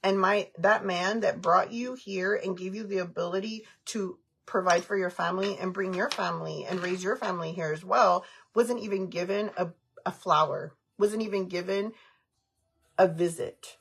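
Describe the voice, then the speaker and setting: Woman, livestream chat, frank, rambling, husky, mid-pitched. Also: normal speed. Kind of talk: casual livestream chat, answering comments.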